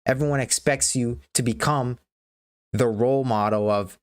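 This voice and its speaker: A woman's voice: rumbling low, moderate pace, a little mellow. A woman livestream host giving a blunt, profane motivational rant.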